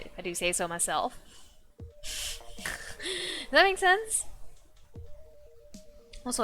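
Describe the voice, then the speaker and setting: A woman's voice: medium pitch, lively intonation, a little slow, pauses often, pushed and bright, faint music behind. A young woman streaming live, chatting casually and rambling with lots of restarts.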